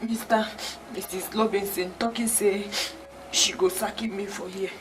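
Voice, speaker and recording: An actress playing a clumsy comic house help who speaks broken English with a Nigerian accent. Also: female voice, mid-range voice, fairly even intonation, a little slow, background noise, close to an everyday voice.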